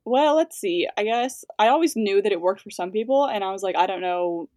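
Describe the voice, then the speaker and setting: Fast-talking young woman influencer. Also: medium pitch, lively intonation, warm tone, dry recording. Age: 20s. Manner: fast-talking, filler-heavy, laughing. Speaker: guest influencer. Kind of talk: casual interview chat.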